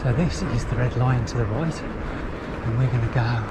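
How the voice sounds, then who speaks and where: A man's voice: medium pitch, normal speed. A man chatting and swearing freely as he rides trails, filmed on a bike camera. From England. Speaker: mountain biker vlogger. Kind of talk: casual spoken commentary while riding. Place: outdoors on country trails. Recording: outdoor camera mic with noticeable wind and traffic noise.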